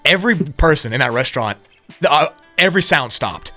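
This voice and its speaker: Fast, animated man telling a story. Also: on the high side, soft background music. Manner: animated, jokey, teasing. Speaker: podcast co-host. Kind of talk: casual storytelling chat.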